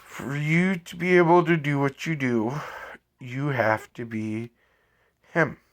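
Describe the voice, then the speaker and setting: A man's voice: mid-range voice, fairly even intonation, slow pace, close to an everyday voice. A man voicing a curious, frustrated male telepath who asks earnest, pressing questions. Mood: earnest, questioning.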